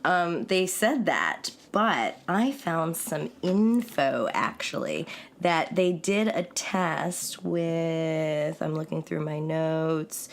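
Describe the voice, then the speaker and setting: Playful woman with a very low voice. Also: animated, creaky, a little hiss or hum. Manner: playful and teasing, quick with a joke. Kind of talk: casual chat. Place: indoors in Yonkers, New York.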